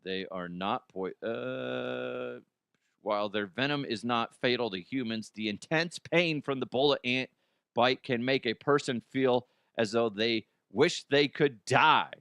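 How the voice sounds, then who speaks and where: A man's voice: medium pitch, creaky, a bit bright, clean tone, no room sound, studio quality. A man hosting a comedic news chat, joking, swearing freely and acting out silly voices. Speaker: host.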